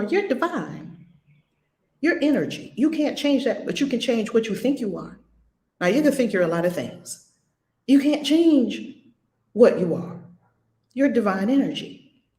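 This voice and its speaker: A woman's voice: medium pitch, a little mellow, echoey room. A woman leading a spiritual lesson at home, asking many rhetorical questions in an emphatic way. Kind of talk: spiritual teaching with questions to a student.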